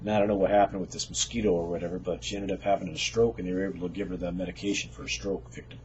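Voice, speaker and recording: Lower-voiced man telling a story. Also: flat delivery, very fast, a little mellow, highs cut off, a little hiss or hum. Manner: conversational, folksy, with fillers and chuckles. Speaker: storyteller sharing a faith testimony. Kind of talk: casual spoken storytelling.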